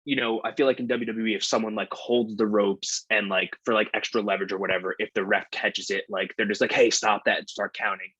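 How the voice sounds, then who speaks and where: A man's voice: on the low side, little pitch movement, quick pace, few pauses, fairly bright tone, breathy edge, no echo, poor audio. A man co-hosting a podcast, rambling in casual chat and saying "like" a lot. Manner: rambling, heavy use of "like". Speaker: podcast co-host.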